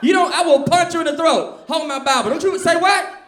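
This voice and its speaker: A loud middle-aged mother, voiced by a male comedian, barks threats in a high, strained shout. Her indignation never lets up, and the sound rings in a roomy, reverberant space. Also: a little fast. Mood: loud, indignant.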